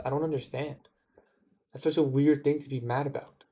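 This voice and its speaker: A man's voice: fairly high pitch, steady tone, normal speed, dark tone, husky. A young man chatting casually on his day-trading livestream, answering viewer comments in a laid-back way. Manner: laid-back, says "bro" often, talks back to chat.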